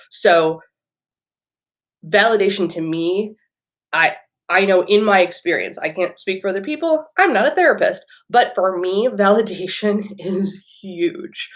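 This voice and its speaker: A woman in her thirties hosting a podcast from home, talking earnestly in a rambling way with many fillers and restarts. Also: medium pitch. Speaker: podcast host, teacher. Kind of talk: casual solo podcast talk. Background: washing machine running.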